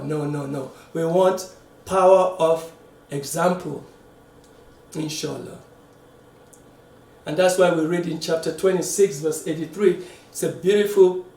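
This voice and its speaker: High-voiced man preaching in an echoey room. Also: vocal fry. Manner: halting, repeats words, drops to quiet for emphasis. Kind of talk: sermon. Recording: echoey room, mic at a distance.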